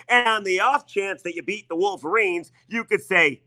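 A man's voice: high voice, normal speed, few pauses, sharp tone, no echo. A man hosting sports talk radio, delivering an emphatic, needling monologue that leans on repetition.

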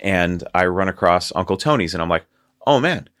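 A man's voice: low-pitched, flat delivery, brisk, a bit bright, smooth, no echo, studio quality. A man hosting a casual podcast, telling a long story in a rambling way and laughing often. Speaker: podcast host.

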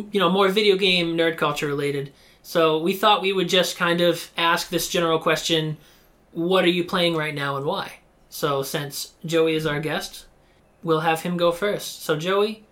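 Chill podcast guy, voice sits a bit high, rambles and chuckles a lot. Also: fairly even intonation, unhurried, sharp tone. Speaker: podcast co-host. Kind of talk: casual chat.

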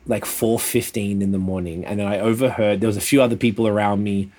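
A man in pain telling a rambling, sweary story in casual chat over a call, sounding a little flat. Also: on the low side, fast. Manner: laid-back, swears often, rambling. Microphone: video call.

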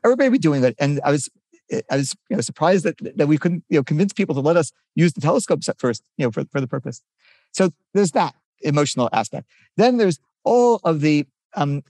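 A man's voice: a little high, darkish tone, dry recording, studio quality. An older man, a physicist guest, explaining his research eagerly in a conversational interview, often restarting his sentences.

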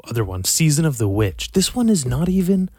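A young man rambling casually through horror movie picks, profane and animated, sighing often. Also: fairly high pitch, a little fast, husky, dry recording, studio quality. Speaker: vlogger reviewing horror movies. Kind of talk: casual rant to camera.

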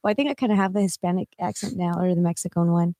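A young woman co-hosting a livestream, speaking softly and playfully. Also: lowish voice, very fast, no echo, studio quality. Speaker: livestream co-host. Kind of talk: casual livestream chat.

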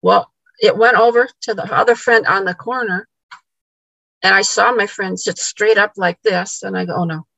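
A woman with a gravelly, husky voice tells a story in casual conversation, stumbling over repeated words and voicing what each person said. The sound is dry and close. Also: medium pitch, steady tone, moderate pace, fairly bright tone, no echo, muffled recording. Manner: repeats words, acts out quoted dialogue. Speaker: podcast guest.

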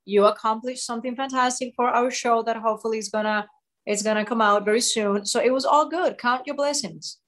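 A woman in her forties, a show co-host, telling a personal story with halting restarts and repeated words. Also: fairly high pitch, steady tone, fairly bright tone. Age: 40s.

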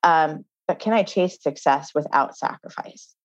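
A woman's voice: deep voice, a little slow, no room sound, highs cut off. Earnest woman telling her story. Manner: earnest, storytelling, frequent "like" fillers. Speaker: author and guest. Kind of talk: interview conversation.

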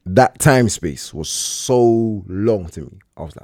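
A man's voice: on the low side, expressive, takes it slowly, warm tone, no echo, clean studio sound. A young man with a London accent, co-hosting a podcast and telling a story in casual slang. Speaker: podcast co-host.

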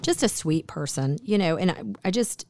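A woman co-hosting a casual radio talk show, chatty and teasing as she runs a playful quiz. Her voice sits a little low and the sound is dry and close. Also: animated, normal speed, gravelly, darkish tone, no room sound. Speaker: radio co-host.

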